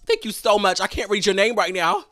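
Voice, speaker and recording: Young male streamer, dramatic and animated, addresses viewers directly, very lively pitch. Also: brisk. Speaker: livestreamer. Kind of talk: casual livestream chat.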